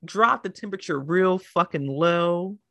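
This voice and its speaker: A woman co-hosting a podcast in casual chat, profane, animated and teasing. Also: fairly low pitch, measured pace, gravelly, no room sound, studio quality. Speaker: podcast co-host.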